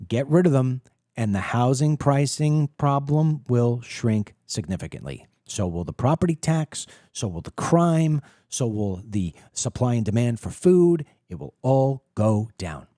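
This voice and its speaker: A man's voice: medium pitch, lively intonation, unhurried, dark tone, no echo, studio quality. A middle-aged man hosting a political talk show, delivering an opinionated monologue full of emphatic rhetorical questions and repeated words.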